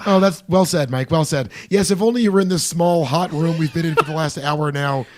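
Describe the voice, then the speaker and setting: A man with a head cold and a hoarse voice, co-hosting a casual comedic podcast chat in a joking, sarcastic way. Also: on the high side, brisk, darkish tone. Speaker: podcast co-host. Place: small hot room.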